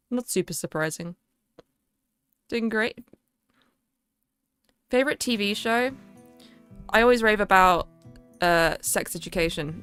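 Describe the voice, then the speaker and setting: A woman's voice: fairly low pitch, a bit bright, smooth. Chatty young woman, southern English accent. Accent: southern English, London area. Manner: chatty and rambling, many fillers and restarts. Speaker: streamer. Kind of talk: casual livestream chat.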